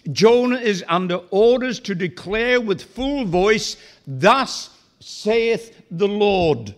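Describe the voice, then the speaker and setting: A man preaching an expository sermon, deliberate and emphatic, slowing down to stress key phrases. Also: high-pitched.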